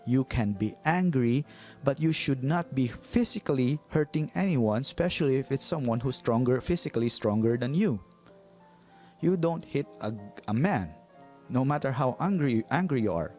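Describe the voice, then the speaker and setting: Man from the philippines, movie reviewer, opinionated monologue, restarts a lot, mid-pitched voice. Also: expressive, normal speed, darkish tone, soft background music. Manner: earnest, repeats himself, frequent restarts.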